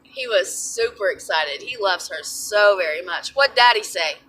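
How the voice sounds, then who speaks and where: A young woman with a Southern US accent, chatting excitedly to camera and telling a personal story. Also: mid-range voice, measured pace. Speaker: vlogger. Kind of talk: casual chat to camera. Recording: distant mic with background noise.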